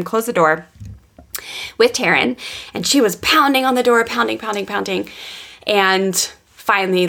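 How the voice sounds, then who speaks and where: A woman podcast co-host telling a personal parenting story in an earnest, animated way, with many restarts and fillers. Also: mid-range voice, gravelly. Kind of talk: personal storytelling in casual chat.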